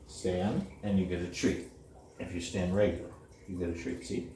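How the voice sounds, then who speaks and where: A man's voice: low-pitched, fairly even intonation, moderate pace, mellow. A man giving a casual dog training lesson, blunt and repetitive, often checking in with "okay?". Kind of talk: casual instructional talk. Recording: roomy, distant camera audio with faint noise.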